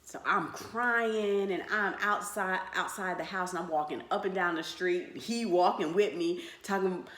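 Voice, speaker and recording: A woman's voice: lowish voice, a little slow, hardly any pauses, echoey room. A woman co-hosting, dramatically telling a funny story in casual chat and laughing often. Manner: dramatic, animated, laughs a lot. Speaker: co-host telling their story.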